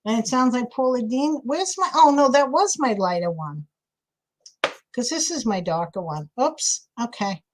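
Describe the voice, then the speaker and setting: Craft-stream host, woman, New York City accent, high pitch, chatty. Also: expressive, moderate pace, slight background noise, low-quality recording. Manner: chatty, thinks aloud while working. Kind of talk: casual live crafting chat.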